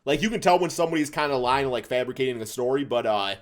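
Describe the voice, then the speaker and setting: A young man hosting a reaction video who gives his opinion bluntly and casually, with slang, thinking out loud. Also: mid-range voice, animated, fast.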